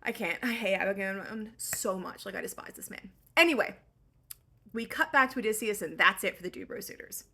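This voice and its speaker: A woman's voice: medium pitch, brisk, bright, forceful tone. Snarky slangy woman recapping a classic. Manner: sarcastic, slangy, snarky asides. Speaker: book recap host. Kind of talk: casual comedic recap.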